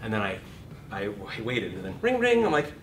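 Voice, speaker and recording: A man in his fifties, an acting teacher, giving a lively seminar talk to a class, self-deprecating and swearing freely. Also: normal speed. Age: 50s. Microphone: distant room mic. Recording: echoey room, far mic, rumbling noise.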